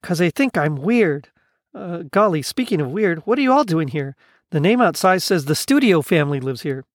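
A man voicing an eccentric, excitable male Muppet who talks earnestly and stammers when cold. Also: fairly high pitch, moderate pace, no echo, studio quality. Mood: excited.

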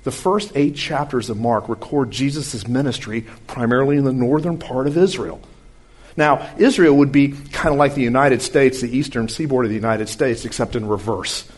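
A man with a husky, slightly breathy voice delivers a conversational sermon, teaching scripture in a folksy way with homespun comparisons. He moves from quick, lively asides to slow, hushed emphasis on key points. His pitch sits in a middle range for a man. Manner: swings from brisk asides to slow, quiet emphasis. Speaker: Bible teacher.

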